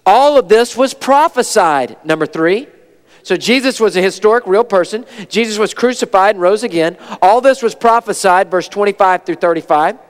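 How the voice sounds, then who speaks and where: A man preaching a sermon as pastor, with an energetic, folksy delivery and quick asides to the congregation. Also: sits high. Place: church sanctuary. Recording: long reverb of a church sanctuary.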